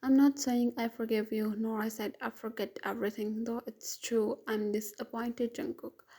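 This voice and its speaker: A woman voicing a hurt young wife who speaks gently but firmly. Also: on the high side, little pitch movement, normal speed, husky.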